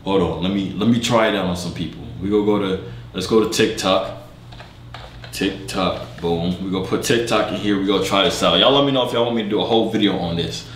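A man's voice: sits low, brisk, slight background noise. A young man hosting a casual video, talking to his viewers in a slangy, laid-back way. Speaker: video host. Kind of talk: casual vlog talk to viewers. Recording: echoey room sound.

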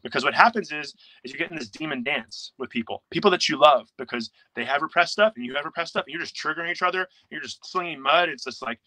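A young man talking as a coach in a casual interview, animated, often acting out quoted inner voices. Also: on the high side, fast talker, hardly any pauses, dry recording, low-quality recording.

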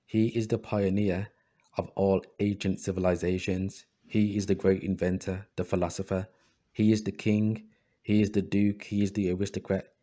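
Low, mellow-voiced man reading aloud. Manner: reads passages in an even voice, then adds sarcastic asides. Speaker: history channel host. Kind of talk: commentary reading book excerpts aloud.

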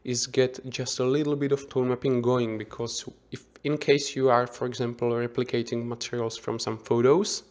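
Working without a script, this 3D visualization instructor walks through a software tutorial in a mid-range voice. He thinks out loud, often starting over and correcting himself.

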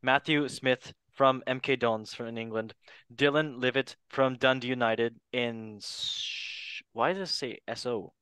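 A man's voice: medium pitch, steady tone, measured pace, a bit bright, smooth, no echo. A man hosting a casual panel chat, joking and laughing often as he reads out a list. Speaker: host.

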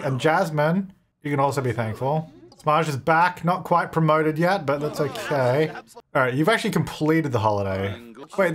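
A man with a mid-range, slightly bright voice gives casual gameplay commentary as a gaming video creator. He's chatty, talks to his game characters, and laughs a lot.

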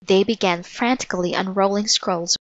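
A woman reading a children's chapter book aloud as narrator, in a slow, deliberate storytelling manner. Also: medium pitch, fairly even intonation, no echo, dull audio. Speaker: storybook reader.

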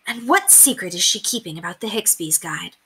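A woman's voice: lowish voice, expressive, a little fast, bright, forceful tone, slightly rough, exaggerated voice, low-quality recording. A woman voicing a worried, earnest young governess in a storybook read-aloud.

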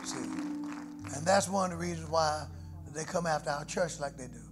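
A middle-aged pastor, preaching a sermon live in a church with dynamic swings from soft prayerful murmurs to loud shouted lines. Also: male voice, on the high side, normal speed. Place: church sanctuary. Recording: live church livestream with organ music behind. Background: musical instruments.

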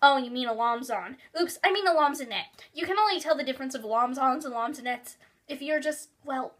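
An excitable little boy, as a woman puts him on while reading her old story aloud. He drags out every word in a high, bright voice. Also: brisk.

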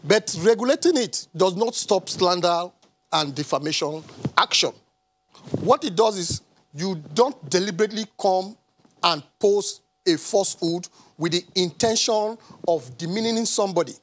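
This Nigerian analyst speaks with a high, animated voice at a moderate pace, raising it passionately during a TV panel discussion in a studio. The recording quality is low.

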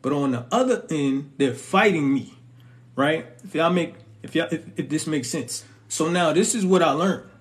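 A man's voice: a little high, moderate pace. A young man giving casual relationship advice straight to his viewers, emphatic and full of slang asides.

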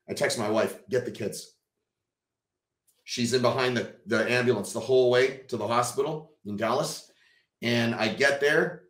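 A Texas man appears as a podcast guest, his mid-range voice in an echoey room. He animatedly tells a personal story, swearing casually and acting out what people said.

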